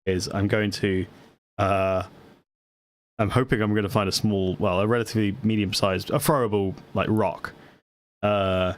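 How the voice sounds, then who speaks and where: A man's voice: fairly low pitch, steady tone, normal speed. A man playing a tabletop game, talking in a rambling, playful way with many restarts. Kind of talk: casual tabletop game chat.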